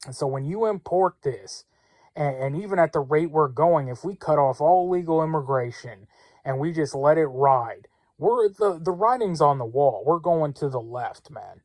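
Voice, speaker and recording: A man's voice: a little high, animated, normal speed, darkish tone, dry recording. A man hosting a political commentary show, talking through the news in a casual, rambling way with blunt opinions, many fillers and restarts, and a close, dry sound.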